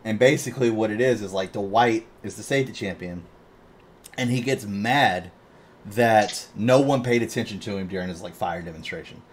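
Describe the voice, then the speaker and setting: A man co-hosting a podcast in casual chat, retelling a story in an animated way, swearing constantly and laughing often. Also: on the low side, normal speed, slight background noise. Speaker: podcast co-host.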